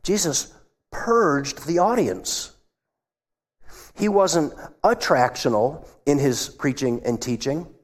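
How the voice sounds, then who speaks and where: A man's voice: fairly high pitch, animated, slow. Man preaching in a reverberant hall. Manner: acts out quoted voices, drops to a hush for asides. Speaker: pastor. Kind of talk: sermon.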